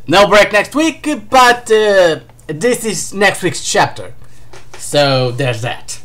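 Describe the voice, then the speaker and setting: A host reading a comic aloud in a live reaction, laughing often and breaking into excited outbursts. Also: medium pitch, slow. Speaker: manga reaction streamer.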